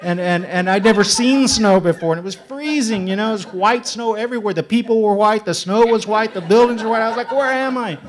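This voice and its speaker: A man from Texas, a writer on a panel, telling humorous personal stories in an animated way, laughing often and stumbling over repeated words as he starts sentences. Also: sits high, fairly quick, hardly any pauses. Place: live panel event.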